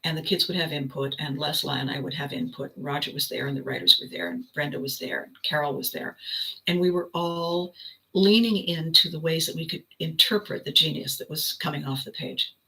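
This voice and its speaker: An older woman hosting her own video, telling a personal story in a casual, animated way with frequent laughter. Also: low-pitched, brisk, rough recording. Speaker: vlog host.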